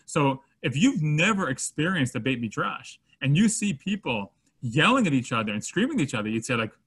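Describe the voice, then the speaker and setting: This is a man giving a Torah class in English sprinkled with Hebrew terms; his voice is fairly high and breathy, and he talks a little fast. He brings everyday scenarios to life, acting them out with quoted voices.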